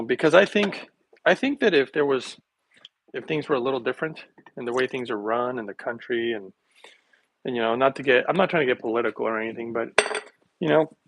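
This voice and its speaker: A man talks in a meandering, heartfelt way, starting over and filling gaps with "you know" and "I mean". His voice sits at an ordinary middle pitch for a man, and a faint hiss runs underneath as he chats while blending. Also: a bit bright, rough recording. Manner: meandering, earnest, many fillers and restarts. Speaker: wellness channel host. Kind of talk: rambling casual talk while making a smoothie.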